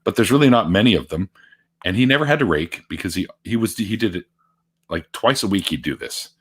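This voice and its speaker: A man's voice: on the low side, lively intonation, brisk, fairly bright tone, slight background noise. A middle-aged Canadian man hosting a casual chat, swearing often and laughing while he tells stories. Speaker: podcast host.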